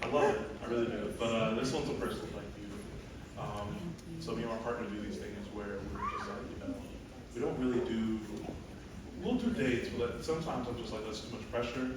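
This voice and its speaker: Musician guy cracking jokes between songs, lively voice, big echoey hall, kinda noisy. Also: lowish voice, brisk. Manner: loose, joking, profane, animated storytelling. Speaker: musician performing a live set. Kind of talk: casual stage banter between songs. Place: live music hall stage. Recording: echoey live hall, distant mic, noisy.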